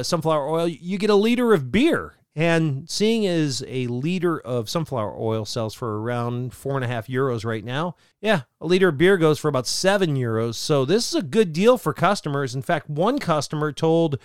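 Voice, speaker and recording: A man co-hosting a podcast, chatting casually and cracking jokes. His voice sits a bit high and comes across smooth and resonant. The sound is close and dry. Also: no room sound. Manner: jokey, slips into playful mock voices. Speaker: podcast co-host. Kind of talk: casual chat.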